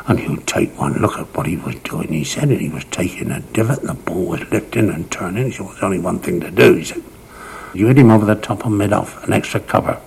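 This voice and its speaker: A man's voice: low-pitched, creaky, slightly rough, rough recording. A man telling anecdotes from memory, acting out the quoted speech of the people in his stories. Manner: acts out quoted speech in shifting voices. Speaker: storyteller. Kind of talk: anecdotal reminiscence.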